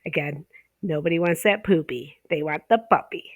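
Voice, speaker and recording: In this online course lesson, a woman who trains ESL teachers explains pronunciation methodically, often tacking on "okay?" to make sure learners follow. Example words come out slow and drawn out, in a low voice with no room sound.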